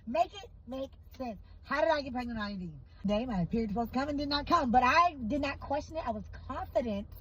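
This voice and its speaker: Animated woman telling a storytime. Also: sits high, slight background noise, rough recording. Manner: emphatic, animated retelling with repeated phrases. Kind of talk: casual storytime.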